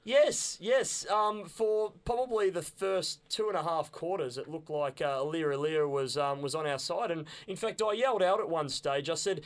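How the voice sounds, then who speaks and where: Young australian man, slightly high voice, rambling, eager, repeats his words, casual podcast chat. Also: normal speed, few pauses. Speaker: podcast co-host.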